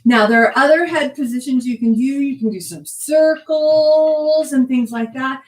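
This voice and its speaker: A woman's voice: sits high, measured pace, roomy sound, far from the mic, poor audio. A woman teaching a belly dance class, counting the moves aloud with chatty asides. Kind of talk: online dance class instruction.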